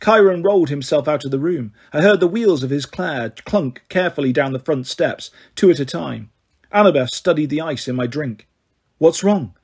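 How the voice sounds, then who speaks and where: Husky man reading a story aloud. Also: fairly high pitch, normal speed. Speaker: audiobook reader. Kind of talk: first-person audiobook narration.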